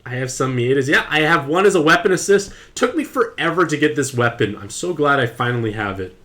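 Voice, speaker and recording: A young man chatting playfully to his viewers while streaming a mobile game, with excited outbursts. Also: medium pitch, fairly quick. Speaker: gaming streamer. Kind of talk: casual game commentary to live chat.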